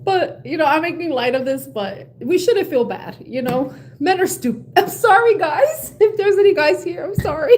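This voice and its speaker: A woman's voice: high-pitched, big pitch swings, normal speed, darkish tone. Blunt, laughing woman ranting. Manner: blunt, swears freely, laughs often, gets heated. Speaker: tarot reader. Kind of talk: casual ranting chat to viewers.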